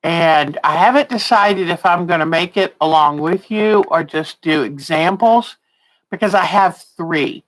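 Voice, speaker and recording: Slow-talking chatty woman in her sixties. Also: on the low side, rough recording. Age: 60s. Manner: chatty, laughs often, tired and yawning. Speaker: quilting teacher. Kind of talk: casual livestream teaching.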